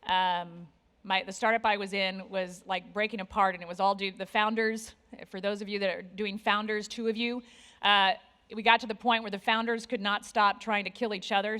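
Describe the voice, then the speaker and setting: A woman in her forties speaks from a conference stage with a bright, clear tone. She talks candidly and pokes fun at herself. She tosses lively asides to the crowd at a mid-range pitch. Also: a little fast. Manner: candid, self-deprecating, lively with asides to the audience. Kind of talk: motivational conference talk. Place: conference stage before an audience.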